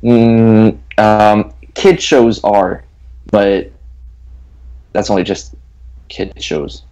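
Man with a low voice. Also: drawn-out words, dull audio. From Belgium. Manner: lively, laughs often. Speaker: co-host of a livestream. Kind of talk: casual chat.

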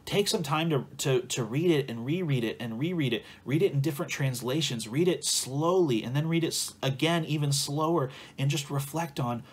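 A man's voice: medium pitch, normal speed, a little hiss or hum. A man preaching an earnest, encouraging sermon as a pastor, repeating phrases for emphasis and closing in prayer.

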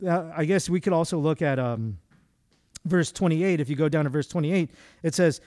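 A man delivers a sermon as a guest preacher, loose and conversational, stumbling through restarts and fillers. His voice sits a little high for a man, with a mellow, soft tone. The sound is close and dry. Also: normal speed, no room sound. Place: church.

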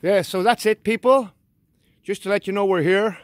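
Here the Irish vlogger, still out in the forest, jokes around casually as he walks. His high voice comes at a moderate pace, and the sound is studio quality with no echo.

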